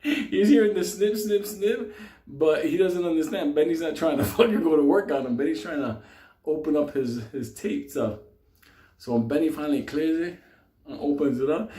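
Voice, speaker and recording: A man with a fairly high voice tells a wild story at normal speed, recorded in an echoey room. He keeps it casual and animated, laughing and cursing frequently along the way.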